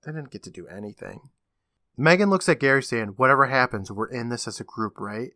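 A man's voice: medium pitch, expressive, brisk, sharp tone, no room sound, clean studio sound. A man co-hosting a podcast, animatedly retelling a TV episode in casual chat and laughing often. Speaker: podcast co-host.

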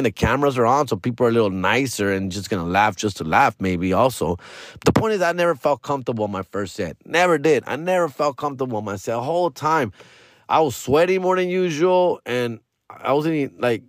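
A man's voice: medium pitch, no room sound, clean studio sound. A comedian hosting his podcast, telling a loose, repetitive story in casual slang. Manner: loose, slangy and repetitive, drops in "bro" and "fool".

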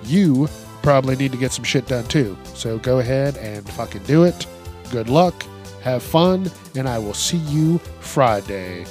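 A man's voice: mid-range voice, lively intonation, measured pace, a little mellow, soft background music. A man hosting a podcast, riffing in a casual comedic monologue, swearing freely and laughing often. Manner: profane, laughs often, rambling storyteller. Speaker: podcast host.

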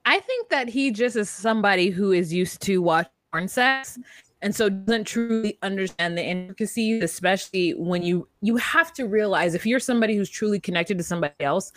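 A woman's voice: mid-range voice, brisk, no room sound. A woman co-hosting a podcast, chatting casually through a reality show recap. She laughs often and slips into mock-dramatic voices when she quotes people. Her voice sits mid-range, recorded dry and close with no room sound. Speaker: podcast co-host.

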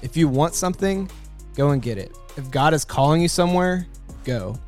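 A man's voice: on the high side, expressive, normal speed, darkish tone. A man hosting a podcast, reading an earnest, encouraging closing message. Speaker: podcast host. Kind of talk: scripted outro. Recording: music bed under voice.

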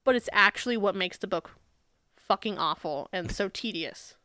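A woman's voice: medium pitch, animated, normal speed, sharp tone, no echo, clean studio sound. A woman co-hosting a podcast in casual chat, sarcastic and swearing often as she retells a book. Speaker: podcast co-host.

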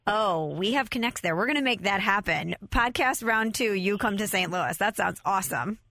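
A young woman hosting a podcast in casual chat, bubbly and quick to laugh. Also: medium pitch, lively intonation, sharp tone, no echo. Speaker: podcast host.

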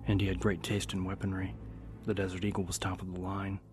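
Deep, flat-voiced male narrator over music. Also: brisk. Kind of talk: audiobook-style story narration. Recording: music bed under the narration.

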